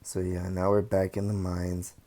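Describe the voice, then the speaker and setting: A young man with a low, fairly monotone voice gives relaxed commentary over his game footage. He rambles a little and fills pauses with ums and likes. His tone stays mellow throughout. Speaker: gaming channel host. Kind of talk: casual gameplay commentary.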